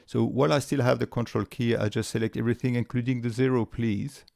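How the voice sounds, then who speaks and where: A man with a voice walking through a spreadsheet tutorial step by step, relaxed, with frequent fillers and restarts. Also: medium pitch, fast talker, vocal fry, no room sound, studio quality. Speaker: tutorial presenter. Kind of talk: screen-recorded software tutorial.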